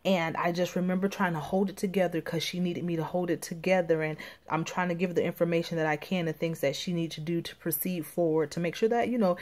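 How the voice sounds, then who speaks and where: A woman from Florida, working as a life coach, giving an intimate, emphatic personal testimony that sometimes drops to near whispers. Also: lowish voice.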